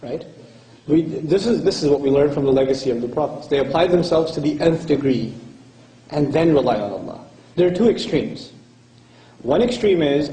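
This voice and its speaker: A man giving a lecture and answering audience questions, telling stories with lively acted-out dialogue. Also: on the high side, a little fast. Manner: lively storytelling, acts out quoted dialogue. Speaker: speaker. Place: hall with audience. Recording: echoey hall.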